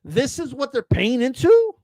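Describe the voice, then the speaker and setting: A man's voice: very high voice, huge pitch swings, measured pace, warm tone, no room sound. A man from Texas ranting profanely about boxing on a casual livestream, stumbling over restarts and fillers and mocking others in quoted voices. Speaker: boxing commentator.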